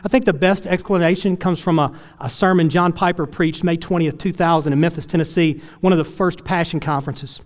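High, smooth-voiced man preaching in a reverberant hall. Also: steady tone, fairly quick, few pauses. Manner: earnest storytelling, swings from loud to hushed and tearful. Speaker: pastor. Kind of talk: sermon.

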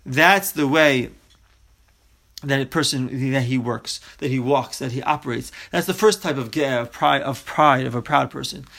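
A man's voice: mid-range voice, normal speed, vocal fry, fairly bright tone. A man teaching a Torah text study class, reading Hebrew phrases aloud and then explaining each one in English.

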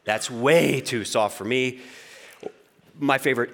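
A man's voice: mid-range voice, takes it slowly, vocal fry. A pastor in his forties telling a personal story in a sermon, acting out the voices in his head with humor. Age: 40s. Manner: lively storytelling, acts out inner voices.

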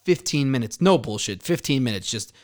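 A man's voice: medium pitch, lively intonation, brisk. A man in his thirties telling a profane, laughing story in casual chat, acting out the quotes.

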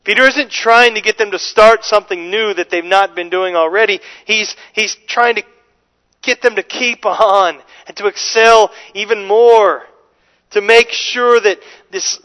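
A male pastor with a noticeably high voice delivers an earnest, emphatic sermon. He restarts sentences with repeated words and slows right down to lean on the phrases he wants to land. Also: pushed and bright, poor audio. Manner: slows down to stress scripture phrases.

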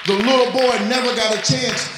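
A man's voice: very high voice, fairly even intonation, moderate pace, over a noisy crowd. A man preaching a sermon as pastor, speaking of fatherhood and lifting his voice into pleading prayer. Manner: preaching, rising to cries in prayer. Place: church sanctuary. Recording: very echoey church hall, faint noise.

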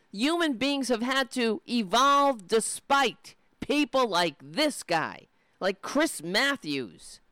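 A woman's voice: high-pitched, a bit bright, smooth, no echo. A woman ranting in angry, profane, sarcastic commentary as she reacts to political clips.

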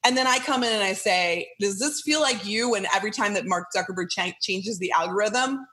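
A middle-aged woman chatting as a podcast guest, lively and playfully acting out the voices of people she quotes. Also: medium pitch, brisk. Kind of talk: casual interview chat.

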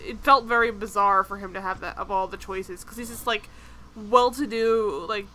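Bright chatty woman podcaster. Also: medium pitch, normal speed. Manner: chatty, animated, many "like" fillers. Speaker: podcast co-host. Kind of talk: casual TV review chat.

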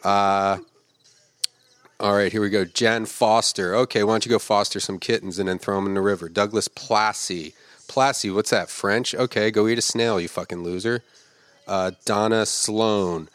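Crude mocking man with a low, dry voice. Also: fairly even intonation, a bit bright, smooth, dry recording. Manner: crude, mocking, profane insults; reads names slowly, then fires off jokes fast. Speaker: podcast host. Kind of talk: comedic roast of film credits.

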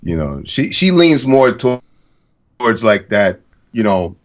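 A man's voice: fairly low pitch, big pitch swings, unhurried, lo-fi sound. A man hosting a podcast, talking bluntly and profanely in casual conversation. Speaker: podcast host.

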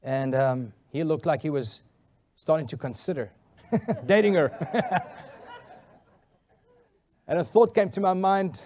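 A male pastor telling a funny story in a sermon, animated and laughing often. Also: fairly high pitch, slow pace, pauses often.

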